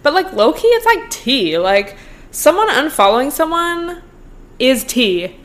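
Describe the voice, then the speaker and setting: A woman's voice: high-pitched, sing-song, a little slow. Young woman podcasting solo, casual and sweary, lotta "like", laughs a bunch. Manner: chatty, profane, full of "like", laughs often. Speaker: podcast host.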